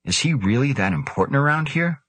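A curious, eager young newcomer, read by a man with a husky voice, full of questions in an audiobook scene. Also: medium pitch, lively intonation, fairly quick, a bit bright, no echo, pitched above the performer's own voice.

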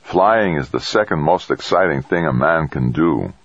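Deep-voiced guy doing a chill laid-back pilot, slow and easy, very low and husky. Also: no echo, lo-fi sound, heavily acted. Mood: serene. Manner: calm, unhurried, serene. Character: calm, serene male pilot, relaxed and easygoing.

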